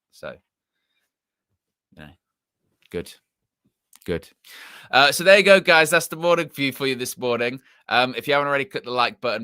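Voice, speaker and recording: Hosting a casual live chat for football fans, a man speaks at a medium pitch with a bright, pushed quality and a blended English accent. He tends to ramble, repeating himself whenever he corrects a word. It's a clean studio recording with no room sound.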